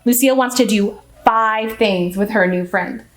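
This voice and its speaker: A woman reading a picture book aloud to children as a children's librarian, animated and asking the listeners questions. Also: on the high side, moderate pace. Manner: animated, asks the audience questions. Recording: echoey room, faint music.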